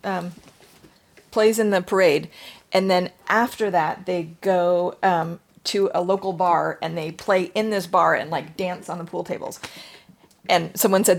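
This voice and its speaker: A woman's voice: on the low side, unhurried. Chatty storytelling woman. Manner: chatty storytelling, lively asides. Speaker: discussion participant. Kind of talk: casual group discussion.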